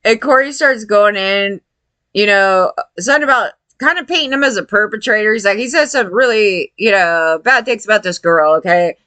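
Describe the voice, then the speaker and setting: A woman's voice: mid-range voice, normal speed, smooth, no room sound. A woman talking in a casual, rambling way, often laughing and acting out what others said. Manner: rambling, animated, laughs often, quotes people in voices.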